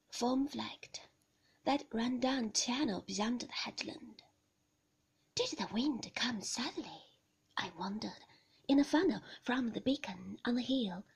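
A woman narrating a novel in a soft, hushed, whispered storybook reading. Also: a little high, vocal fry, slightly rough. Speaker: audiobook narrator.

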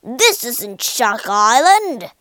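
Woman playing a gruff, mean pirate captain, bossy and loud; dry close sound. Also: fairly high pitch, big pitch swings, slow, no echo, heavily acted. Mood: sneering.

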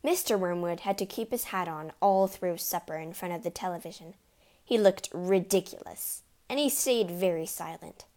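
A woman narrating a storybook reading in an expressive, lively way. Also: lowish voice, moderate pace.

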